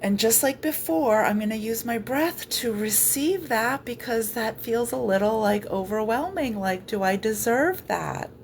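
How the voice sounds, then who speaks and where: A woman energy healer gently guiding viewers through a live-streamed clearing session, speaking softly with slow pauses. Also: a little high, animated, a little hiss or hum.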